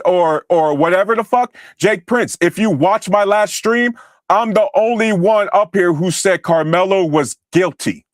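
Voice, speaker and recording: With a high voice and clean studio sound free of echo, a US livestream host launches into an angry, foul-mouthed rant against his chat, berating commenters.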